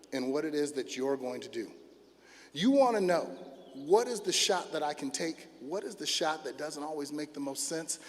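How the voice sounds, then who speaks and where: A middle-aged man, a school principal, speaks at a graduation with a high, bright voice. He tells stories and acts out the people in them, jumping from loud shouts to near murmurs. A long echo hangs behind him, as from a huge outdoor amphitheater. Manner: animated, acts out quotes with big swings in loudness. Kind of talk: storytelling commencement speech.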